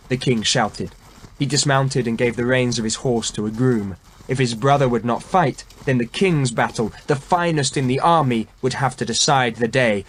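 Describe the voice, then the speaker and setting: A man narrating a historical novel as an audiobook, measured and dramatic. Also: mid-range voice, a little hiss or hum. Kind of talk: scripted narration.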